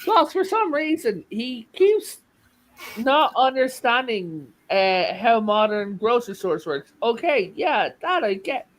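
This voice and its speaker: A man's voice: very high-pitched, slow, low-quality recording. A man hosting a charity stream, chatting casually and swearing as he jokes with friends. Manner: animated, swearing, laughing. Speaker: stream host. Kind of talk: casual group chat.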